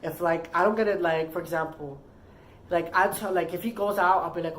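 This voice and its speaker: A woman's voice: on the low side, fairly even intonation, quick pace, a little hiss or hum, poor audio. Rambling woman telling a story. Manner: rambling, heavy use of "like". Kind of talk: casual storytime chat.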